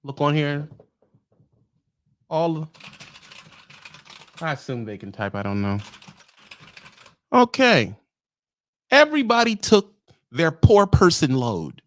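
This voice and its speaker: A man's voice: on the high side, sing-song, slow pace, long pauses. A man voicing a smug, lazy male office dispatcher who talks down to drivers. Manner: condescending, self-satisfied.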